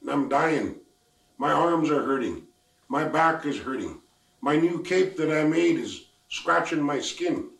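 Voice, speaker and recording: A lost little girl, as an elderly storyteller puts her on, lifting his voice well above its usual pitch and pressing out her troubles in a plaintive, gravelly whine. She is heard in an echoey room, some way from the mic. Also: normal speed, recorded from a distance. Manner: plaintive, complaining. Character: lost, weeping young girl, frightened and self-pitying.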